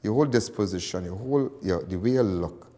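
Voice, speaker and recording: A man's voice: lowish voice, a little fast, warm tone, long reverb tail. Rambling Trinidadian man on a call-in show. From Trinidad and Tobago. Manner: rambling, folksy, repeats himself. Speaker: talk show host. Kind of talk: casual live call-in talk.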